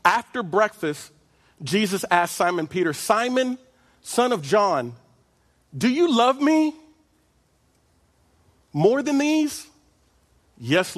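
Male pastor, sermon, high voice, animated delivery, long hall echo. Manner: animated preaching, drawn-out phrases, chuckles.

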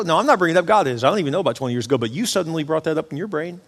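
Male pastor, animated conversational sermon delivery, slightly high voice, long hall reverb. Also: very fast, hardly any pauses. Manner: animated, acts out voices of God and others.

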